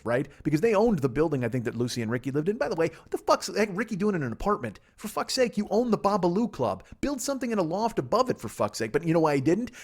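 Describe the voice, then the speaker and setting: Fast-talking sarcastic man ranting. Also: medium pitch. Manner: rambling, profane, sarcastic. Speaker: podcast host. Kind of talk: solo comedy podcast rant. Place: seated at a table.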